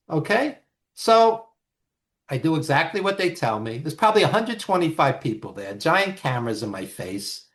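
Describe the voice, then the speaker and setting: A man, a guest on an interview show, telling stories in an animated, emphatic way with frequent restarts. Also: a little high, moderate pace. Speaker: guest, author and producer. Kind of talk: storytelling interview talk.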